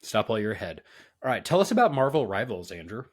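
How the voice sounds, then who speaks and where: A man's voice: lowish voice, big pitch swings, fast. A young man co-hosting a casual podcast, teasing his partner with dry banter. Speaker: podcast co-host.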